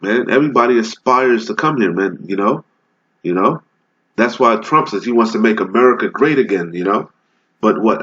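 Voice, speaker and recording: A man teaching from scripture, reading verses slowly and explaining them in casual talk, checking in with "all right?" after almost every line. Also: lowish voice, breathy edge. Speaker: bible teacher. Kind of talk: street-style scripture teaching. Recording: dull lo-fi recording.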